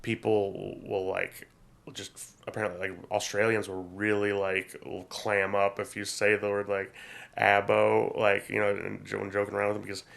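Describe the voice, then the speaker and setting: A man's voice: on the low side, monotone, moderate pace, creaky, fairly bright tone. A man co-hosting a podcast, rambling casually with crude jokes and lots of fillers. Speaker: podcast co-host. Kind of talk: casual chat.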